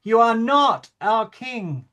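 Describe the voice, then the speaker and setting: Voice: mid-range voice, very animated, slow pace, a bit bright. A performer reading the part of a bewildered, indignant king in a play rehearsal, stammering now and then. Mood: solemn. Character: bewildered, pompous king of Australia. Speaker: actor in rehearsal.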